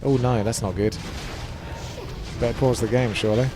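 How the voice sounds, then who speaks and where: A man's voice: mid-range voice, steady tone, moderate pace. Male caster, chatty play-by-play, faint music underneath. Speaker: esports caster. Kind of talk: live game commentary.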